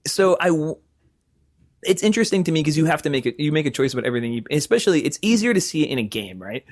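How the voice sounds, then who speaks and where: Animated, laughing podcast co-host man. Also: fairly high pitch, rapid-fire. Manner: animated, laughs often, swears casually. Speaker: podcast co-host and game developer. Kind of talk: casual podcast discussion.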